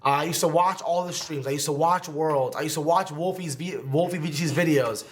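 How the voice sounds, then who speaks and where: A man's voice: fairly high pitch, brisk. A young man from New Jersey telling a candid, emotional personal story to camera in his home podcast studio, with many fillers. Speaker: competitive gaming creator.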